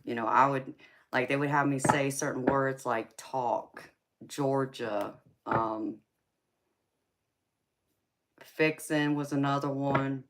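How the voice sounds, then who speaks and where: A woman's voice: rumbling low, fairly even intonation, takes it slowly, pauses often, a little hiss or hum. A woman with a Southern drawl hosting a live tarot stream, chatting casually and teasing viewers. She is from California. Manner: chatty and teasing, laughs often, calls viewers honey and baby. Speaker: livestream tarot reader host.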